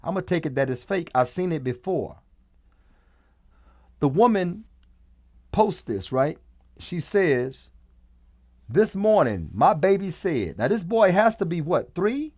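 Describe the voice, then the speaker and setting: Animated man with a lively, swinging voice. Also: high voice, unhurried, long pauses, no room sound, clean studio sound. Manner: emphatic, repeats phrases, animated. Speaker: host. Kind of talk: casual commentary.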